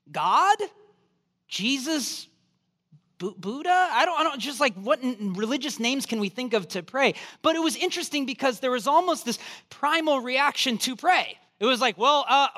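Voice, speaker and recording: A man preaching a sermon as pastor, telling a humorous story in an animated, joking way. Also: very high voice. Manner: animated, joking storyteller, acts out quoted voices.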